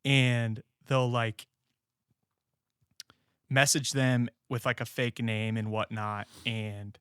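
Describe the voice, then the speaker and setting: A young man co-hosts a casual podcast, telling stories with plenty of laughter. He acts out other people's lines as he talks. His voice is mid-pitched and sits close and dry. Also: slow, smooth, dry recording. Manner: animated storytelling, laughing, acting out quotes. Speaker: podcast co-host. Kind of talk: casual chat.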